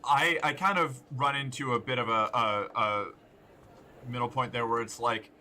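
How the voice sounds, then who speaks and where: Bright, joking male game streamer. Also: mid-range voice, steady tone, normal speed, a little hiss or hum. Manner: joking, profane, reacts loudly to the game. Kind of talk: casual gaming commentary.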